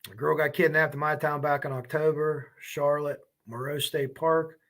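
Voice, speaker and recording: Male livestream host, slightly high voice, bright and forceful, loose rambling chat. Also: steady tone, normal speed. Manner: rambling, chatty, reacts to comments as he goes. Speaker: true crime livestream host. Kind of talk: casual livestream chat reading viewer comments.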